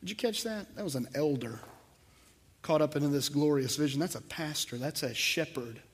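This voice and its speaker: A man's voice: a little high, expressive, moderate pace, breathy edge. A man preaching a sermon to his congregation, emphatic, with swells in volume and repeated words. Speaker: pastor.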